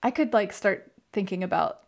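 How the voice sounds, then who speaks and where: A woman's voice: medium pitch, gravelly, a little mellow. A young woman co-hosting a casual film podcast, chatty with lots of fillers. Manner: chatty, many fillers, reads a passage aloud slowly. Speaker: podcast co-host.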